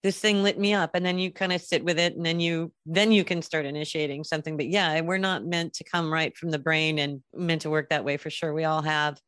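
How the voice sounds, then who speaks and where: A woman's voice: deep voice, steady tone, fairly bright tone, no echo, clean studio sound. A woman hosting a podcast in casual chat, easygoing and agreeable, asking her guest questions. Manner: easygoing, agreeable, with quick laughs. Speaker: podcast host.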